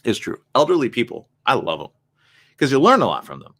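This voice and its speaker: A man's voice: mid-range voice, brisk. A man hosting a live online morning show, chatting casually and reading viewer comments in a rambling way, often checking in with his audience. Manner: rambling, animated, asks the audience "you get it?".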